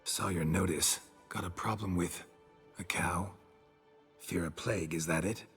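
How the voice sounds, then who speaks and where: Game role: deep-voiced, curt male monster hunter, weary and all business. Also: fairly even intonation, measured pace, fairly bright tone, faint music behind. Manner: terse, clipped, businesslike. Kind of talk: video game dialogue.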